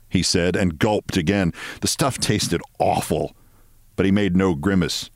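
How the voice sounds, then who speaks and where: A man hosting a show, reading a story aloud in a measured, expressive way. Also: low voice, dry recording, studio quality. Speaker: host.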